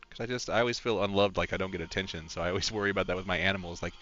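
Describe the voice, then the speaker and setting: A man's voice: low voice, rapid-fire, hardly any pauses, sharp tone, muffled recording. A man streaming a game, chatting casually in a rambling, candid and emotional way. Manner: rambling, candid and emotional, talks to his dog. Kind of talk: casual live-stream chat.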